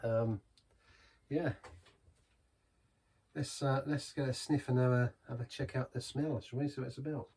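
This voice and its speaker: Husky man reviewing beer. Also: mid-range voice, steady tone, moderate pace, long pauses, darkish tone, far from the mic. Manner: chatty and rambling, savouring. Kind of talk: casual beer review vlog.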